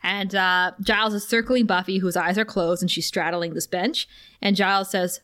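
A woman with a mid-range voice co-hosts a podcast. She recaps a TV episode in a loose, chatty way. She is animated and laughs easily. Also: medium pitch, measured pace. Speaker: podcast co-host. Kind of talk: casual episode recap chat.

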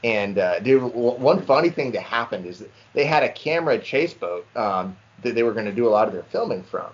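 A young man casually telling a lively fishing story to friends on a podcast and calling them "dude" a lot. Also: mid-range voice, brisk. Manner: animated storyteller, says "dude" often. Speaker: podcast co-host. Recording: slightly dull lo-fi sound.

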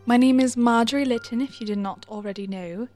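A woman's voice: on the high side, fairly quick, dark tone, soft background music, close to an everyday voice. A woman voicing a gracious young Victorian countess who greets her guests formally in a tabletop role-play. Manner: polite, formal and welcoming.

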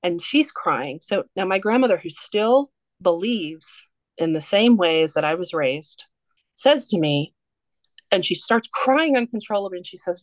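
A woman's voice: fairly low pitch, measured pace, no echo. A woman guest on a podcast, telling a personal story in a candid, earnest way. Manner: candid, earnest, steady through a heavy story.

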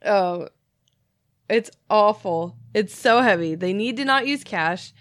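A woman's voice: mid-range voice, animated, takes it slowly, no echo, clean studio sound. A woman co-hosting a casual chat, joking and swearing, often breaking into laughter. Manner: profane, joking, bursts into laughter. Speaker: podcast co-host.

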